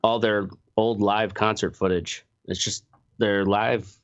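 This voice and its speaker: A man's voice: fairly low pitch, level tone, takes it slowly, clear, resonant tone, lo-fi sound. A man co-hosting a podcast in casual banter, teasing and swearing. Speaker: podcast co-host. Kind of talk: casual chat.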